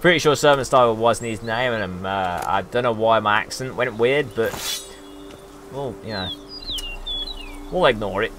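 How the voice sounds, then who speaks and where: A man's voice: fairly low pitch, normal speed, pauses often, fairly bright tone, a little hiss or hum. A young man from the UK giving casual let's-play commentary as a streamer, rambling and exclamatory with lots of ums. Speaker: gaming streamer.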